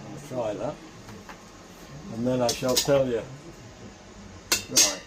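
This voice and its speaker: A man's voice: mid-range voice, slow pace. Man chatting while he cooks. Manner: chatty, mutters to himself while cooking. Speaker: home cook vlogger. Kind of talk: casual cooking commentary. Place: home kitchen. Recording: noisy background ambience.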